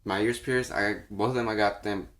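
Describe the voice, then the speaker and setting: A man's voice: on the low side, fairly even intonation, normal speed, a bit bright. A young man co-hosting a casual podcast, slangy and blunt, asking direct questions. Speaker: podcast co-host. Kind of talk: casual chat.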